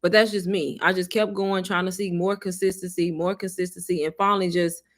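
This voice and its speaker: A woman, casually telling her viewers a story, chatty and animated, often laughing. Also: on the low side, fairly quick. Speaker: online business creator.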